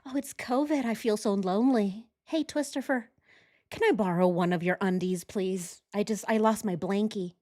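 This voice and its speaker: A man's voice: high-pitched, normal speed, a little mellow, close to an everyday voice. A woman voicing a sheepish male prison inmate who begs his neighbor for a favor in a wheedling, sing-song voice. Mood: whiny.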